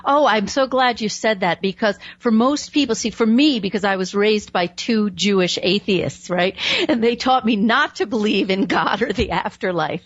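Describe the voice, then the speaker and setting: A woman's voice: mid-range voice, normal speed, hardly any pauses, dull audio. A woman hosting a radio talk show, chatting casually with a guest and dropping lots of "you know"s. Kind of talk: casual interview chat.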